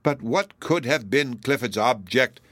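A man reading aloud, voicing a bitter, incredulous old gentlewoman in a raised, slowed, emphatic voice. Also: medium pitch, lively intonation, dry recording. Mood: questioning.

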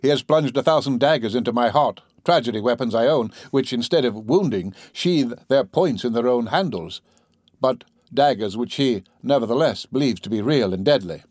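Young French viscount, as a man reads him, lively, gossipy, animated, dry recording. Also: mid-range voice, moderate pace, no room sound, close to an everyday voice. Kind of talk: audiobook character voice.

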